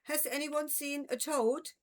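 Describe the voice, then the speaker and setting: A woman voicing an eager, bossy young schoolgirl with a busy, brisk way of talking. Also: sits high, steady tone, voice pushed up.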